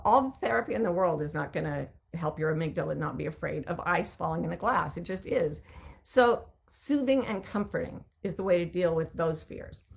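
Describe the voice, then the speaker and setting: Gravelly-voiced woman teaching, animated. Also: medium pitch. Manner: animated, explaining with vivid examples. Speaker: host. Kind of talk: conversational teaching talk answering listener questions.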